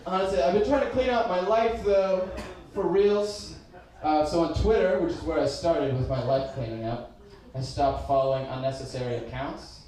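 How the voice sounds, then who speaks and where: A young man in his twenties works through a rambling, self-deprecating stand-up set, his voice sitting high for a man. He keeps slipping into silly put-on voices. The sound is very echoey and distant, as if picked up from across the room. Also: moderate pace, dark tone. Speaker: stand-up comedian. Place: comedy stage indoors.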